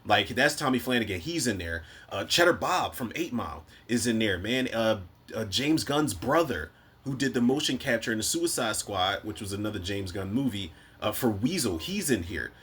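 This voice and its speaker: A man's voice: lowish voice, animated, moderate pace, a bit bright, slightly rough. A man with a Philadelphia accent giving a casual, rambling movie review, full of slang and swearing, quoting lines from the films as he goes.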